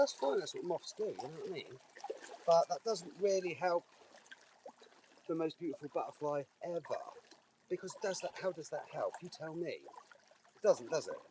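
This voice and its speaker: A man with a slightly high voice, caught on a distant mic, sits outdoors by a river with his feet in the water, the sound of running water all around. This vlogger rambles jokily through a meandering monologue, often restarting his sentences.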